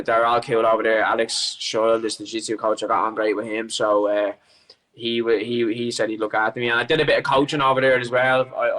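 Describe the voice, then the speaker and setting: Bright-voiced Irish man telling a story. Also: medium pitch, low-quality recording. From Ireland. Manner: animated, sweary, lots of restarts. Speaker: guest fighter. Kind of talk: casual storytelling chat.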